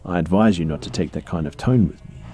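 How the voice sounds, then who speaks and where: A man's voice: low voice, quick pace, dark tone, a little hiss or hum, close to an everyday voice. A man voicing a coldly polite professor who speaks with patronizing, courteous menace. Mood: smooth, menacing. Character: coldly polite male professor experimenting on a captive.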